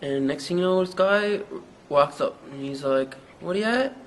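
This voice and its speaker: An actor with a Newfoundland accent playing a young small-town rapper who rambles through a hazy, profane story in an interview. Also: male voice, a little high, expressive, normal speed, a little hiss or hum, close to an everyday voice, rough recording. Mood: rambling. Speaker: mockumentary interviewee.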